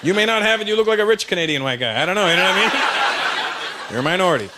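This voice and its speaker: Brash high-voiced male stand-up comic. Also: lively intonation, rapid-fire. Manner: brash, teasing the crowd. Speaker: stand-up comedian. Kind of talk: stand-up comedy. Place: comedy stage before a live audience. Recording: noisy live stage recording.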